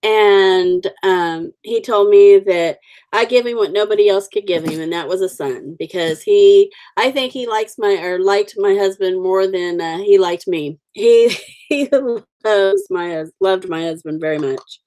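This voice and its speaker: A woman's voice: medium pitch, measured pace, a little mellow. A woman in her forties hosting a casual livestream, chatting with viewers in a rambling, friendly way with many fillers. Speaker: livestream host. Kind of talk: casual live chat with viewers.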